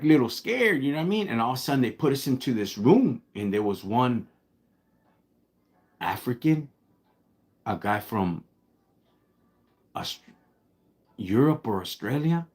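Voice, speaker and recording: A man from Los Angeles with a Chicano English accent, telling a story in a slangy, laid-back way on a live stream and breaking off to thank his viewers. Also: on the low side. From Los Angeles, United States. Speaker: livestream host.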